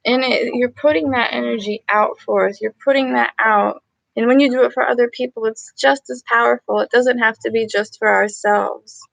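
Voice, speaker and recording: A woman's voice: a little high, fairly even intonation, normal speed, vocal fry, no echo. A woman hosting a live gratitude meditation, talking earnestly and emotionally and repeating affirmations to her viewers. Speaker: meditation livestream host. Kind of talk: guided gratitude meditation talk.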